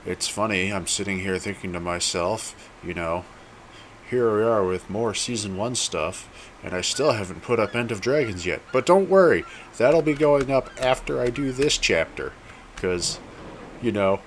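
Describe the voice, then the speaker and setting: A man talking through his gameplay in a loose, rambling way. His pitch sits in the middle and moves around a lot, with faint noise behind him. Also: lively intonation, moderate pace. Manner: rambling, chatty, self-correcting. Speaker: gameplay video host. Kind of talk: casual gameplay commentary.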